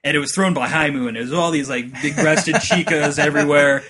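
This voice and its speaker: Bright-voiced man telling animated stories. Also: fairly high pitch, a little fast. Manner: animated storyteller, acts out game lines with laughter; many fillers like "like" and "uh". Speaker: podcast co-host. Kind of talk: casual chat.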